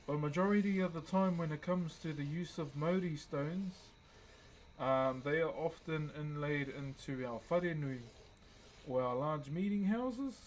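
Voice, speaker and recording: A young man with a New Zealand accent, hosting a relaxed livestream and greeting viewers by name while he carves wood. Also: on the high side, measured pace, slight background noise, poor audio. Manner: laid-back, greets chat viewers by name. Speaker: livestream host. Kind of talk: casual livestream chat while wood carving.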